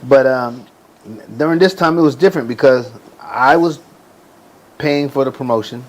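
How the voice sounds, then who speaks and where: A man in his forties, a boxer and ring announcer, telling stories in a casual interview with relaxed slang. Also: mid-range voice, moderate pace, rough recording. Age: 40s.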